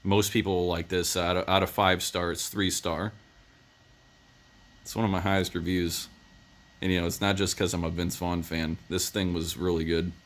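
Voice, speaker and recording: A man's voice: sits low, little pitch movement, normal speed. A man giving a casual movie review, rambling through the plot with lots of "uh" and "um". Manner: rambling plot retelling with many fillers.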